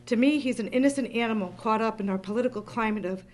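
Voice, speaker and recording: A woman's voice: fairly high pitch, fast talker. A woman making an earnest public comment at a town board meeting, reading a prepared statement. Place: town hall meeting room.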